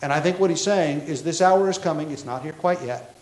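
Guy preaching in an echoey church, fairly high voice, emphatic, restarts a lot. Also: fairly quick, darkish tone. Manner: expository, emphatic with frequent restarts. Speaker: pastor. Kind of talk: sermon. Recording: echoey room.

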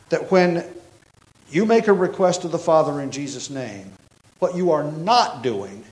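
A man pastor preaching an expository sermon, emphatic and explanatory, with frequent self-corrections. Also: a little high. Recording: echoey room.

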